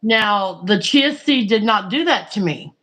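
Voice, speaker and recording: Slow-talking chatty woman. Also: mid-range voice, lively intonation, fairly bright tone, low-quality recording. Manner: chatty, rambling, frank. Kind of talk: casual chat.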